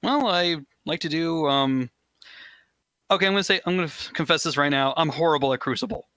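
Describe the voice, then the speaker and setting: A man's voice: fairly high pitch, a little fast, sharp tone, no echo. A man from Texas calling in to a gaming chat, hesitant and apologetic, with many ums and restarts. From Texas, USA. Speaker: guest caller.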